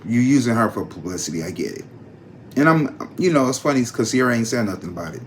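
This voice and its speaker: A man hosting a casual gossip vlog, chatty and slangy, talking straight to his viewers with animated jumps in pitch. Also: fast, a little hiss or hum. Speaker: psychic channel host.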